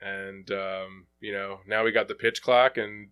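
Man, podcast host, bright tense voice, rambling, swears a lot, casual sports chat. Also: on the low side, fairly even intonation, measured pace, smooth. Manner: rambling, profane, lots of fillers and restarts.

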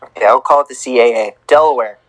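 A man's voice: medium pitch, fast, a bit bright, poor audio. A man co-hosting a casual sports podcast, announcing tournament teams in a playful, sing-song way. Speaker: podcast co-host.

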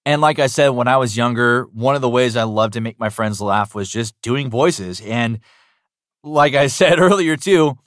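A male voice actor answering interview questions in an upbeat, animated way, often saying "you know". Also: medium pitch, moderate pace, dry recording, studio quality. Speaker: voice actor guest.

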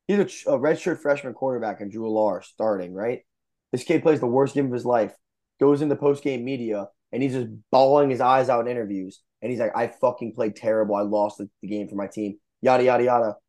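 A young man with a dark, medium-pitched voice co-hosts a casual sports podcast. Exasperated and profane, he launches into a quick rant.

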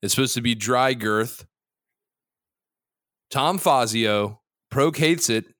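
A man's voice: mid-range voice, slow pace, a bit bright, dry recording, studio quality. A man co-hosting a casual sports betting podcast, loose and profane, teasing his partner and jumping between topics. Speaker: podcast co-host.

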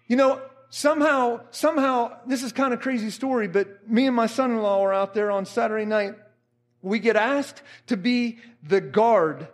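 High-pitched, fervent male preacher. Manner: fervent, repeats phrases, rises to shouts. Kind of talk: sermon.

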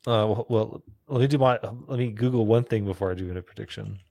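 A man co-hosts a podcast in relaxed chat, passing along trivia in halting, filler-laden bursts. His voice sits on the lower side. The recording is dry and close. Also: creaky, no echo. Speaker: podcast co-host.

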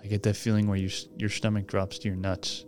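A man's voice: on the low side, monotone, fast talker, music in the background. A man hosting a podcast, reading a horror story aloud in a casual way and swearing freely as he goes. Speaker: podcast host.

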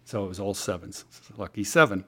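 Man telling a story, lowish voice. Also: brisk, slightly rough. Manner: animated storyteller with many restarts and fillers. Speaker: interview guest, writer. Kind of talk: casual storytelling.

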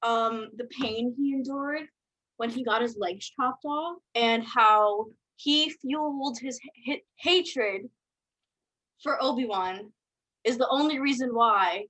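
A woman's voice: a little high, takes it slowly, fairly bright tone, rough recording. Playful giggly young woman podcaster. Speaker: podcast co-host. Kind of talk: casual chat.

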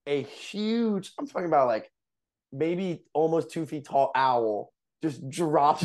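A man's voice: on the high side, expressive, slow, darkish tone. A young man on a podcast telling a story in a casual, rambling way, full of fillers and laughs. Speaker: podcast co-host.

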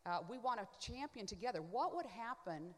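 A woman guest on a panel, giving an expressive personal testimony in a chatty way, full of quick asides and filler words. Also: a little high, long reverb tail. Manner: expressive, swings from hushed to loud.

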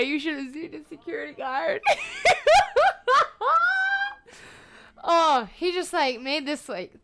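A young woman hosting a podcast, telling stories from her life in a loose, animated way, swearing freely and laughing along. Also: high voice, smooth. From United States. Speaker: podcast host. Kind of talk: casual storytelling monologue.

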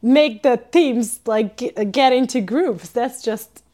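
A young woman from Hungary, a podcast guest telling stories in casual chat, animated and full of fillers. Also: a little high, slow pace. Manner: animated storyteller, many fillers and laughs.

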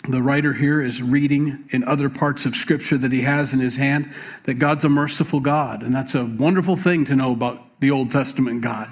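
A man's voice: medium pitch, fairly quick. Guy pastor giving sunday announcements n sermon, laid back, lots of ums and restarts. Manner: relaxed, many fillers and repeated words.

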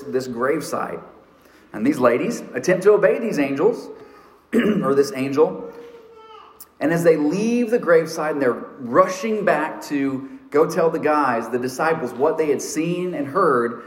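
Earnest preacher in a roomy church. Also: male voice, on the high side. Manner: earnest storytelling preacher, slows for emphasis. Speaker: pastor. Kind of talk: sermon. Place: church sanctuary.

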